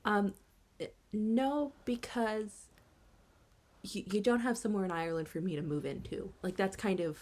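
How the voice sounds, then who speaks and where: A woman's voice: medium pitch, normal speed, a little mellow. A woman co-hosting a podcast, chatting casually and gushing about a film, with frequent "like" and "um". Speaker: podcast co-host. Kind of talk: casual chat.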